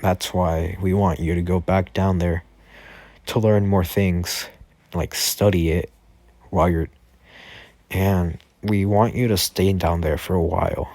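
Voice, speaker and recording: Nezu, a calm school head, told by a man. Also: a little slow, no echo. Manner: low-key, hesitant, with many fillers. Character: calm, persuasive male head of a school and defense force. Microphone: Discord voice chat.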